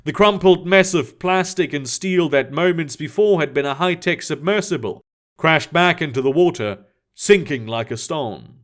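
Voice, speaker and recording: A man's voice: fairly high pitch, normal speed. Man narrating first-person fiction. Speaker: audiobook narrator.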